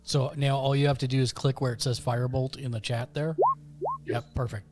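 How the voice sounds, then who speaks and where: A man's voice: medium pitch, little pitch movement, brisk, a little mellow, soft background music. A man running a tabletop game as game master, narrating the action steadily with small fillers.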